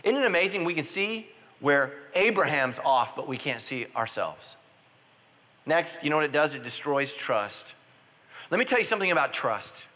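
Animated joking pastor in a big hall. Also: male voice, moderate pace. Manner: animated, jumps into loud high exclamations and drops to hushed confessions. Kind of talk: humorous sermon with storytelling.

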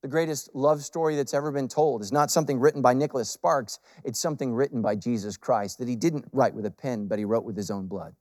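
A middle-aged pastor preaches a sermon in a voice of ordinary pitch. He swings from loud, emphatic peaks down to quiet, intimate lines and drives points home by repeating them. The sound is dry and close, with no room around it. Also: fast talker, few pauses, dry recording.

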